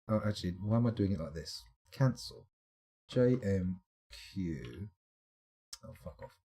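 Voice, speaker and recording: A man's voice: lowish voice, dark tone, breathy edge. A man streaming a management game, muttering his choices aloud with wry asides. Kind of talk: casual let's-play commentary.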